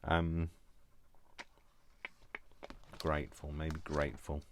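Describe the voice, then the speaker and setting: A man's voice: very deep voice, monotone, moderate pace, noisy background. A man hosting a crafting video, chatting casually as he works, talking to himself and poking fun at himself, prone to fits of giggling. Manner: talks to himself while working, rambling and self-mocking. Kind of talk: casual crafting vlog narration.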